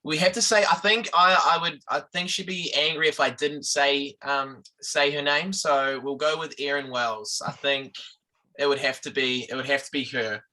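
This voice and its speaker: A man's voice: on the high side, fairly even intonation, normal speed, bright, forceful tone. A man chatting as an interview guest, upbeat and thinking aloud with fillers. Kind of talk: casual chat.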